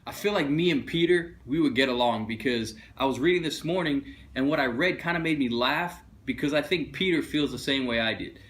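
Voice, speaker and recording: A man preaching a funny, conversational sermon. He is an animated storyteller who slips into other people's voices as he tells the story. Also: mid-range voice, brisk, few pauses. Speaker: pastor. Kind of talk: funny sermon with acted bits.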